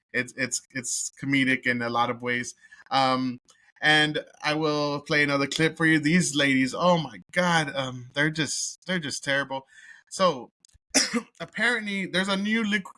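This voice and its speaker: A man from Texas talks through a film review in a blunt, swear-filled rant. His voice is bright and forceful, and the sound is dry with no room echo. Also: medium pitch. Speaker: movie reviewer host. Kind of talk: casual profane review rant.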